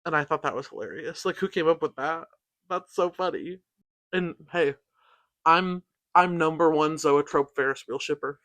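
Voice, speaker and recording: Upbeat guy rambling about a cartoon he watched, kinda high voice, dry close sound. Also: moderate pace, a bit bright, no room sound. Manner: chatty, upbeat, says "like" often. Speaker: show reviewer. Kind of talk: casual review chat.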